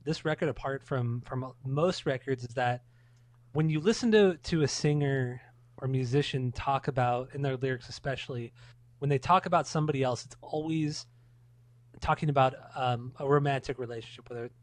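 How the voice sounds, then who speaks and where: A man's voice: mid-range voice, dry recording. A man co-hosting a casual music podcast, upbeat, steering the segment and swearing casually. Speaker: podcast co-host.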